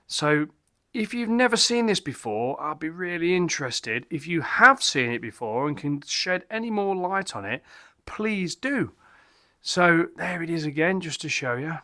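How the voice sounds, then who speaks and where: A man's voice: a little high, sing-song, unhurried, bright, forceful tone, dry recording, clean studio sound. A man from England hosting a casual beer review vlog from his home pub, chatty and rambling, enthusiastic and tripping over German names. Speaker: beer reviewer, channel host.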